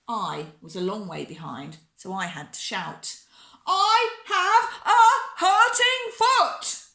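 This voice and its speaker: A woman reading a children's picture book aloud in a warm, expressive storyteller manner. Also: lowish voice, vocal fry, roomy sound.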